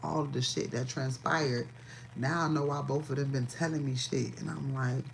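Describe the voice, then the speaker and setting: Woman doing a tarot livestream, kinda gravelly, swears a lot, laughs a bunch. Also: rumbling low, steady tone, moderate pace, a little hiss or hum. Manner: profane, chatty, laughs often. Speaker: tarot reader. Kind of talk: casual livestream tarot reading.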